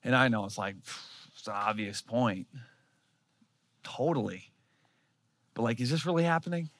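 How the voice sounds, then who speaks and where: A man in his thirties preaching a sermon, telling a story with animated, self-mocking humor. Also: mid-range voice, unhurried, dry recording. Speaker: pastor.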